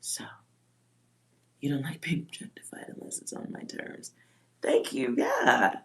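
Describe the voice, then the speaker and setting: A woman with a low, grounded voice chats on a livestream as a psychic reader. She talks bluntly and swears freely, with laughs breaking into her talk. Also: huge pitch swings, unhurried, gravelly, fairly bright tone, in a whisper. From Texas. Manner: blunt, profane, laughs often. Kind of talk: casual livestream chat.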